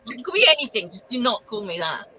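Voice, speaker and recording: A woman's voice: fairly high pitch, quick pace. A woman from England with an English accent, playful in a casual group chat. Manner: playful, lively.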